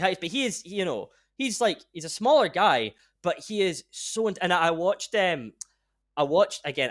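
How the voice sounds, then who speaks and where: Brief: young male podcast host, rambling, excitable, sweary, voice on the higher side. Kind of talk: casual chat.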